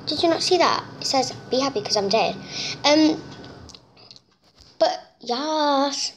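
A young woman giving chatty, excitable gameplay commentary, nervous and talkative, recorded on a phone. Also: sits high, slow, slight background noise. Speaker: gamer. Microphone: phone screen-recorder mic.

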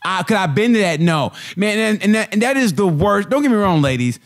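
A young adult man co-hosting a comedy podcast, talking in an animated, rambling way with lots of restarts and acted-out quotes. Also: sits high, fairly quick. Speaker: podcast co-host. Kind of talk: casual comedic chat.

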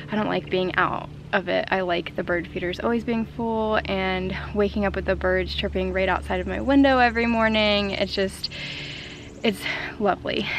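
Female vlogger, outdoors, handheld camera, creaky voice, faint noise behind. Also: mid-range voice. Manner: chatty, rambling. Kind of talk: casual vlog talk to camera. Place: outdoors in a yard.

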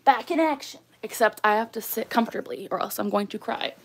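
Bright-voiced young woman chatting on a livestream. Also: fairly high pitch, brisk, breathy edge. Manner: chatty, many ums and likes, laughs often. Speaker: livestream host. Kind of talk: casual livestream chat reading comments.

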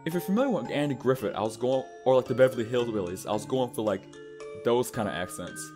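A man's voice: medium pitch, expressive, fast, over music. Chatty self-mocking guy. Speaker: let's-play narrator. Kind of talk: casual game commentary.

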